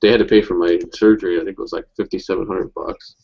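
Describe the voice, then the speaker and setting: A man's voice: sits low, steady tone, quick pace, vocal fry, highs cut off. A young man chatting casually, rambling through stories with lots of swearing and restarts. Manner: rambling, profane storytelling with many restarts. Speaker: chat participant telling stories. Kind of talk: casual group chat.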